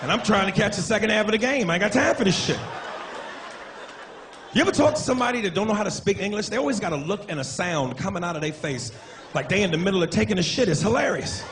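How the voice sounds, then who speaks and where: A man doing a stand-up comedy set, brash and profane, telling animated stories on a club stage. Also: high-pitched, quick pace. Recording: live club with loud crowd and noise.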